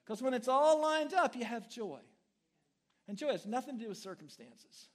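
A man preaching a sermon as pastor, animated and humorous, swinging between loud bursts and quiet asides. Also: very high-pitched, normal speed. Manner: humorous, folksy.

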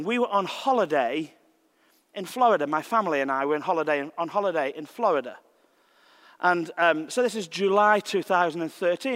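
A man preaching a sermon in a gentle, reflective tone, his fairly high voice unhurried as he weaves scripture into a personal story. His voice rings with the long reverb of a large church sanctuary. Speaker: visiting preacher.

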